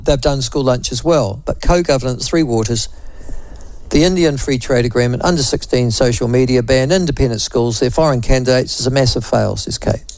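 A man's voice: a little high, a little mellow, dry recording. A man with a New Zealand accent hosting talkback radio, chatting wryly and reading out listener messages. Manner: chatty, wry, self-deprecating asides.

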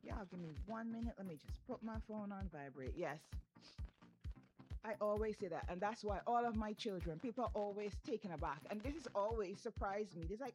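A parent from Saint Vincent talks about children's speech in a casual discussion. She speaks earnestly and emphatically, at a medium pitch and a little fast. The recording quality is low.

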